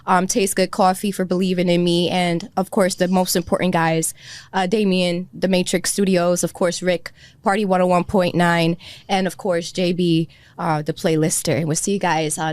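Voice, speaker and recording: A woman's voice: fairly low pitch, a little mellow, no room sound. A woman in her thirties hosting a podcast, gushing and teary, laughing through happy tears. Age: 30s. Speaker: podcast host. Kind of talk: emotional casual chat.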